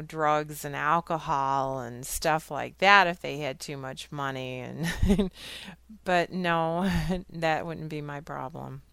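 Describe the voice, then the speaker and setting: A middle-aged woman talks through a casual faith monologue in a smooth, resonant, slightly low voice. She is frank and chatty and laughs often. The sound is dry and close. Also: a bit bright, dry recording. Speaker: host of a faith and current events talk. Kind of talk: casual Christian commentary monologue.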